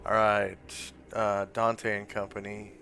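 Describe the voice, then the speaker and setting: A man's voice: on the low side, level tone, slow, gravelly, pushed and bright, slight background noise. A man narrating a tabletop game as game master, hesitant and full of fillers.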